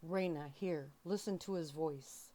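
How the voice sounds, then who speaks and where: A worried, stubborn father pleads with his daughter, as a woman voices him in her own reading voice. The delivery is low and slow, in a soft-spoken ASMR book reading. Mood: pleading. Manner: pleading then insistent.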